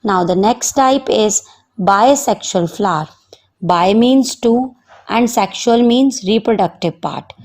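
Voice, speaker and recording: An Indian English-accented woman teaching a science class from home. She talks very slowly and carefully, in a voice of middle pitch, repeatedly calling on her students to underline words and write down meanings. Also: a little mellow. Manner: slow, dictating, addresses students repeatedly. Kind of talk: recorded online science lesson.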